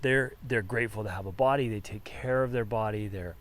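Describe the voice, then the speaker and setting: Energetic motivational man coaching. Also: on the low side, a little fast. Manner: energetic, animated, big swings in volume. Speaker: podcast host and coach. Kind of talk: motivational talk.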